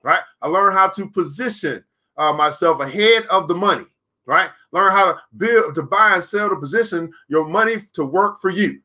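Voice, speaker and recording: Bright-voiced man hosting a live class. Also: sits high, normal speed. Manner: preachy, repetitive, reads out viewer comments. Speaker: host of a live crypto trading class stream. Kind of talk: casual live-stream talk.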